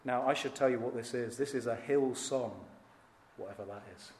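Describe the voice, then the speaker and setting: A man preaching a sermon, earnest and emphatic, with dramatic rises in pitch and volume. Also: normal speed. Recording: echoey hall.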